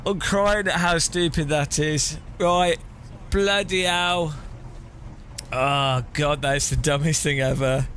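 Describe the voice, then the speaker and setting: Slow-talking, giggly man streamer. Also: a little high, fairly even intonation, fairly bright tone, a little hiss or hum. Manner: breaks into long fits of laughter, chatty and self-mocking. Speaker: sim racing streamer. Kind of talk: casual live-stream commentary.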